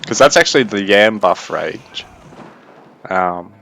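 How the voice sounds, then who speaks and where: A young man giving casual, chatty game commentary, thinking aloud in a fairly even delivery. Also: on the low side, takes it slowly, gravelly, a little hiss or hum. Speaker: esports caster.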